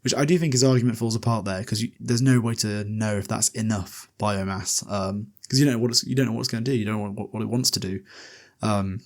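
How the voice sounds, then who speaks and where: A man's voice: fairly low pitch, steady tone, fast. A man hosting a podcast, casually recapping a book chapter in a loose, chatty way with lots of fillers and the odd swear. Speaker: podcast host.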